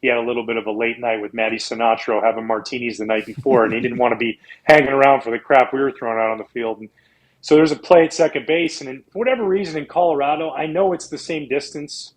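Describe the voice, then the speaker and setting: A middle-aged man from Canada, a guest telling lively stories in a casual interview, acting out quotes in a high voice. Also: quick pace, poor audio. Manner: animated storyteller, acts out quotes in a high voice. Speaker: guest, former pitcher.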